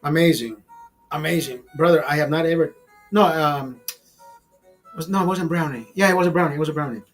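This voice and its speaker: A man in his fifties telling a personal story in a profane, rambling, animated way, full of restarts. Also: fairly high pitch, a little fast, soft background music. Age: 50s. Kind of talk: casual storytelling.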